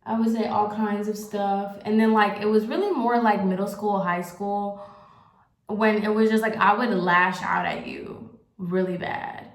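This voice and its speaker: A young woman talks straight to the camera in a loose, confessional ramble, leaning on "like" again and again. Her voice sits at an ordinary middle pitch, and the room around her rings with a noticeable echo. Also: unhurried. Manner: rambling, candid, heavy use of "like". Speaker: vlogger. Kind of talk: casual confessional chat. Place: at home, getting ready on camera. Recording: roomy echo.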